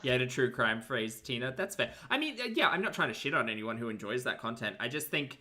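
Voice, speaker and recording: A woman's voice: rumbling low, fairly quick. A woman hosting a livestream, chatting casually, laughing often and thanking viewers. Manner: giggly, animated, thanks super chats. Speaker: livestream host.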